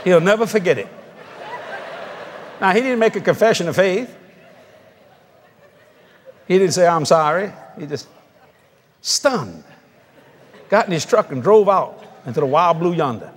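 A male preacher telling a story in a televised sermon, animated and laughing, with bursts of shouting. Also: high voice, measured pace, pauses often, breathy edge.

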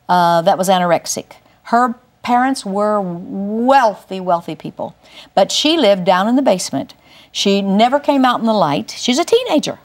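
Emphatic older woman teaching scripture. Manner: emphatic storyteller, swings pitch up for emphasis. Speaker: Christian teacher. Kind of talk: testimony-style Bible teaching.

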